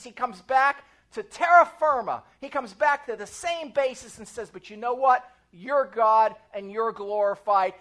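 A woman pastor preaching a sermon, animated and asking her congregation questions. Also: fairly high pitch.

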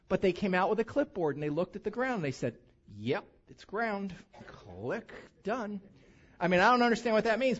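A man preaching a sermon from the pulpit with a microphone, telling a humorous story with lively, animated delivery. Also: high-pitched. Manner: lively, animated preaching with mock-drawl asides. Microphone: handheld or stage microphone. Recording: slightly dull lo-fi sound.

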